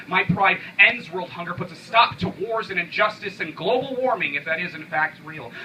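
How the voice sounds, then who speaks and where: A young man performing an intense, rhythmic spoken word poem at a coffee shop open mic, swinging from quiet lines to sudden shouts. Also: fairly high pitch, distant mic, slight background noise, rough recording.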